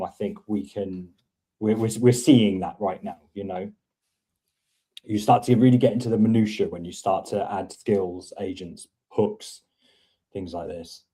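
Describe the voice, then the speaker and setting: A man's voice: lowish voice, warm tone. A man hosting a casual coding chat, thinking aloud and rambling with many restarts. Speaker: host teaching coding. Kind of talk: casual screen-share chat.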